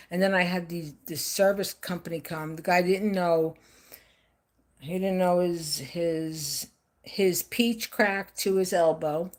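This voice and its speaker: A woman's voice: low-pitched, steady tone, a little slow. An older woman, talking off the cuff on a live stream in a rambling, emphatic way, often repeating herself. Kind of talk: casual live-stream monologue.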